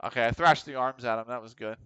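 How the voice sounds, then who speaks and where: An almost middle-aged American man talks casually on a game stream, cursing freely as his team struggles. His voice is bright and crisp, with a smooth, clean tone. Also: mid-range voice, fast talker, no room sound. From United States. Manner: swears often, frustrated at the match, reads chat. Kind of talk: casual gaming stream chat.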